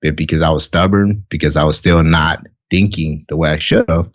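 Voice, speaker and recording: A man's voice: rumbling low, steady tone, a little fast, dull audio. A middle-aged man, a podcast guest, talking candidly and with heavy profanity about fatherhood in casual conversation. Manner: blunt, profane, heartfelt storytelling.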